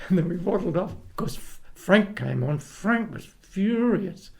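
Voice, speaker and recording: Gravelly older Australian man reminiscing. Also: sits high, lively intonation, unhurried, darkish tone. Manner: rambling anecdotes with frequent restarts and laughs. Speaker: guest, retired opera tenor. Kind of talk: casual chat, storytelling.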